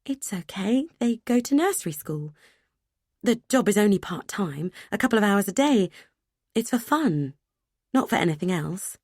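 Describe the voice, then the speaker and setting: Woman playing a timid young wife, soft and placating, dry close sound; storybook role. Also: medium pitch, very animated, normal speed, breathy edge, dry recording.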